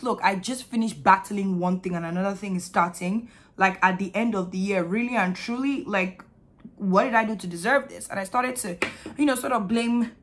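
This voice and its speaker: An expressive young woman with a Nigerian accent, chatting straight to camera in a storytime vlog. Her voice sits at a middle pitch and she tells the story in an animated, candid way, with blunt slang. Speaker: vlogger.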